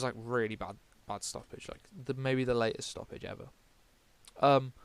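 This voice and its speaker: A man's voice: mid-range voice, smooth, no echo. A man from the UK giving casual fight predictions, rambling, swearing often and correcting himself as he goes. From United Kingdom. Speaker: MMA vlogger.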